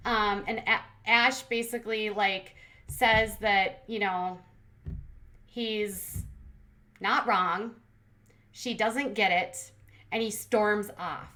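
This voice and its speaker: An adult woman hosting a commentary channel, recapping a reality show in a quick, sarcastic, casual way. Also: mid-range voice, steady tone, pushed and bright. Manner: fast-talking, sarcastic.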